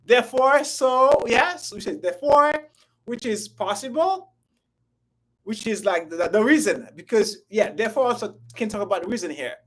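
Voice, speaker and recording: This English teacher has a medium-pitched, animated voice, captured on a low-quality recording. During a live online grammar lesson, the delivery is drawn-out and repetitive, with viewers addressed by name.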